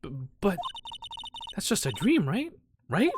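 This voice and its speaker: Guy doing a high jumpy young girl from a game, all over the place. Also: a little slow, background noise, exaggerated voice. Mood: worried. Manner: high, shrill and excited. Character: young woman spirit medium, excitable and jumpy. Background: game music.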